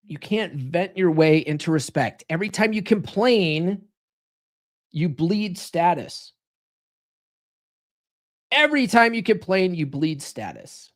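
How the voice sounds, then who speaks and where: A man's voice: sits high, animated, slow, long pauses. A man hosting a live stream, talking casually in a blunt, profane, coaching tone. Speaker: live stream host giving dating advice.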